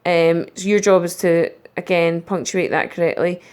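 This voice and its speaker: A woman teacher giving a recorded lesson, talking through punctuation slowly and reading example sentences aloud. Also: on the low side, fairly even intonation, darkish tone, clean tone.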